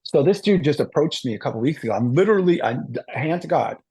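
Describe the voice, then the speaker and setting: A middle-aged man telling stories in a casual podcast chat, animated and full of swearing. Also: a little high, quick pace. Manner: animated, profane storytelling. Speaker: podcast guest.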